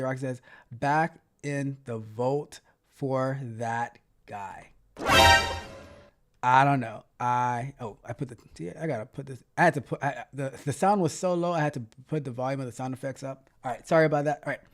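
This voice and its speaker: A man hosts a casual livestream and reads out viewer comments. He is playful and likes to repeat himself. His voice sits at a middle pitch. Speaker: livestream host and tech coach.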